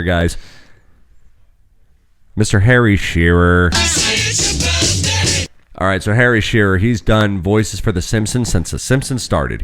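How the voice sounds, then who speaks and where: A man's voice: low voice, smooth. A man hosting a casual family podcast, loose and jokey as he runs the segments. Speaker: podcast host.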